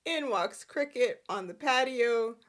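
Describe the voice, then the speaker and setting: A woman hosts a soap opera recap, chatting casually, laughing a lot and acting out the characters' lines in an animated way. Her voice is fairly high and a little slow.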